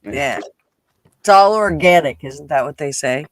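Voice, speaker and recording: A man's voice: on the high side, lively intonation, a little slow, no echo. A congested man hosting a rambling, casual livestream chat with a nasal, stuffed-up voice. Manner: rambling, chatty, swears casually. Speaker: podcast host.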